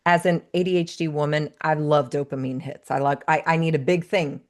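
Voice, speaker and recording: Guesting on a podcast, this life coach, a woman in her thirties, has a somewhat low voice and tells stories earnestly and thoughtfully. Her delivery is brisk yet steady, in the style of a conversational interview.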